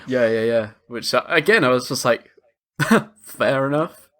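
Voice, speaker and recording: A co-host of a film podcast in casual chat, animated, often acting out lines from the film. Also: mid-range voice, moderate pace.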